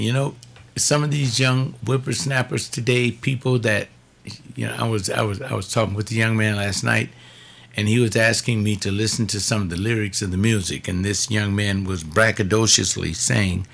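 Gravelly husky man telling a story. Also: low-pitched, a bit bright. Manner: measured storytelling with fillers and repeats. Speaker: church speaker. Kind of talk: sermon-style reflection.

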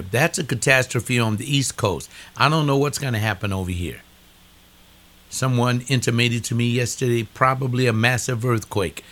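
A man's voice: medium pitch, moderate pace, a bit bright. Older man preaching with emphatic repetition. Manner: emphatic, repeats phrases, rising preaching cadence. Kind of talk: preaching monologue.

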